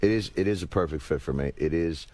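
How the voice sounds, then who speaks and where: A man in his fifties, a talk show guest, chatting in a wry, rambling, self-deprecating way with quick asides. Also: low voice, a little mellow, no echo. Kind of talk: casual talk show conversation. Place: television studio.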